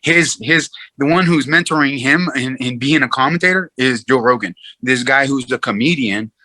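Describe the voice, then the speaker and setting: A man's voice: mid-range voice, normal speed, no room sound. A man who is a guest fighter in casual chat, talking emphatically and repeating himself for stress. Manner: emphatic, repetitive, animated delivery.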